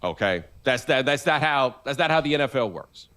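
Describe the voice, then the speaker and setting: A man's voice: medium pitch, expressive, brisk, bright, forceful tone. A man co-hosting a live sports talk stream, arguing his point and pressing with questions. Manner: argumentative, pressing with "okay?" and "all right?".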